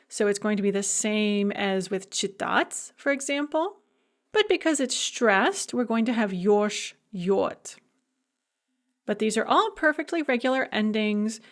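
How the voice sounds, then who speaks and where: A woman delivers a recorded language lecture in a fairly high voice. She speaks at a slow, measured pace, explaining grammar plainly and stopping to pronounce each model form carefully. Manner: clear explaining, slows to model Russian forms aloud. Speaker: Russian language instructor.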